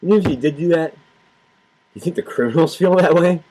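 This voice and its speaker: In a low-quality recording, a man with a fairly high, mellow voice talks briskly as he delivers angry, sarcastic political commentary to camera. This vlogger repeats points and swears openly.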